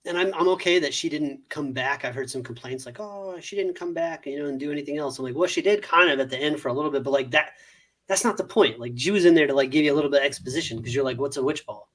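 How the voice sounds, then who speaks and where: A man co-hosting a casual movie review podcast, animated and profane, often laughing and acting out scenes. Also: medium pitch, quick pace. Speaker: podcast co-host.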